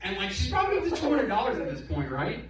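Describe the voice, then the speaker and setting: A man performing a profane, animated stand-up set on a comedy club stage, telling stories with quick asides while the audience laughs. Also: sits high, noisy background. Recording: roomy club, distant mic, crowd laughter.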